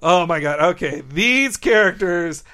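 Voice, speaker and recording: A man's voice: high-pitched, expressive, measured pace, sharp tone. A man co-hosting a podcast, chatting casually and enthusiastically, laughing often. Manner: enthusiastic, giggly. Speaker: podcast co-host. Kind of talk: casual chat.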